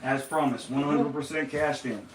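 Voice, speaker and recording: A man's voice: medium pitch, steady tone, normal speed. A man visiting as a donor, chatting modestly and joking, laughing easily. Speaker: guest donor. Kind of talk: casual live-stream chat. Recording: echoey room, mic at a distance, faint noise.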